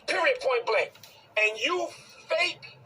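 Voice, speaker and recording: A man from Brooklyn with a very husky, raspy voice pitched high for a man, hammering at his points with a sharp, forceful edge. He delivers a confrontational rant and keeps repeating his lines for emphasis. His voice sounds distant from the microphone. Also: expressive, slow pace, faint music behind. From Brooklyn, New York. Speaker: bishop. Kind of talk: heated direct-to-camera rant.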